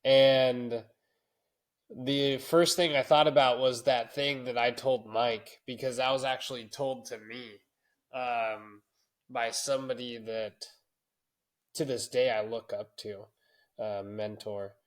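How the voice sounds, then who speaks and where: A man's voice: mid-range voice, steady tone, takes it slowly. A man in his thirties co-hosting a podcast, telling a story in a loose, swearing, laughing way. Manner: profane, storytelling, laughs often. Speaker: podcast co-host. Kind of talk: casual podcast chat.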